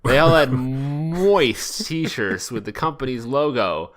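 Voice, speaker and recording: Bright-voiced man reading fan fiction. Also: mid-range voice, expressive, slow pace. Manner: wry, breaks into laughter. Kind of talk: comic dramatic reading.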